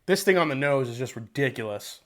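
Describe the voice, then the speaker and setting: A man's voice: medium pitch, lively intonation, fairly quick, fairly bright tone. A man hosting a casual whiskey tasting livestream from home on a wireless mic, talking loosely, rambling and swearing now and then. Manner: loose, chatty, rambling, swears and laughs easily. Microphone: wireless microphone with battery pack.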